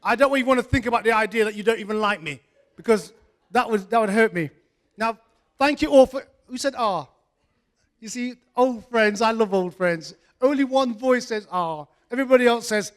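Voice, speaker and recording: A man with a high voice hosts a live evening event in a venue. He talks into a handheld microphone with self-mocking, teasing stage banter. His jokes run between comic asides and chat with the crowd. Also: normal speed. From England. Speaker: event host. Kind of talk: joking stage banter with the audience.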